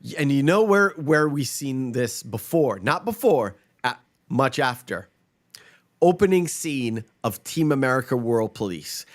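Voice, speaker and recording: A man's voice: medium pitch, expressive, measured pace. A man hosting a podcast in casual chat, rambling and emphatic, swearing freely. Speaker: podcast host.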